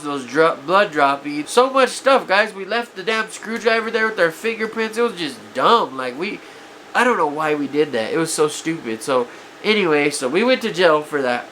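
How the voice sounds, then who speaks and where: A man's voice: fairly high pitch, bright, forceful tone, slight background noise. A man vlogger telling stories from his past in a casual, confessional way, regretful and self-critical, often calling his viewers guys, his voice a bit off from allergies. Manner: keeps addressing viewers as guys, many you-knows. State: voice affected by allergies.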